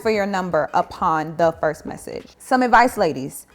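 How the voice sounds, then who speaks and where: A young woman spins a casual storytime in a slightly low voice, animated and sarcastic. She leans into emphatic asides as she talks to her viewers. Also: moderate pace, faint music behind. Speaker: vlogger telling a dating story.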